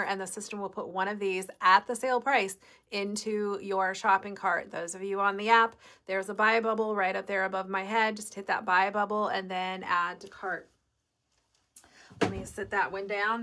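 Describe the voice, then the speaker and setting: A woman's voice: medium pitch, bright, forceful tone. A woman with a Midwestern American accent hosting a live shop sale, chatty and upbeat, explaining step by step. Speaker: quilt shop host.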